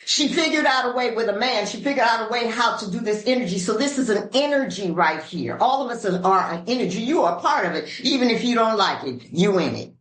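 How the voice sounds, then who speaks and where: An older woman from Los Angeles speaking at a recovery meeting, telling her story in an animated, preacherly way with sudden voice shifts. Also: a little high, fairly quick, hardly any pauses, echoey room, low-quality recording. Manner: African American Vernacular English grammar. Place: meeting room.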